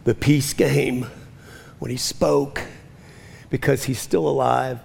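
Man preaching, sermon, impassioned, gravelly high voice, long hall echo. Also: fairly even intonation, measured pace, slight background noise. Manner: impassioned, swings from loud cries to hushed whispers. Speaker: pastor.

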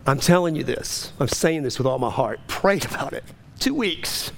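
A man preaching a sermon, swinging between urgent, rising pleas and low, quiet passages. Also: expressive, moderate pace, vocal fry. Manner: impassioned, rising to urgent high pleas then dropping low. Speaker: pastor.

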